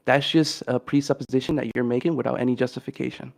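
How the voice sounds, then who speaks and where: A man argues his case quickly and insistently in a casual debate. He sounds pedantic and keeps pressing his point, with a voice at an ordinary pitch for a man. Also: fairly even intonation, vocal fry.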